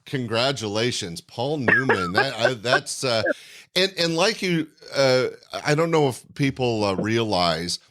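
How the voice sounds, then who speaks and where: A man hosting a podcast, reflecting on what the guest said in a measured, thinking-aloud way. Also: medium pitch, animated, fairly bright tone. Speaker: podcast host. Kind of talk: conversational interview commentary.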